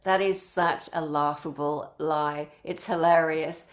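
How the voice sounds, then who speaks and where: A woman's voice: deep voice, steady tone, takes it slowly. A woman organizing a conference, introducing its speakers one by one and piling up effusive praise in long lists.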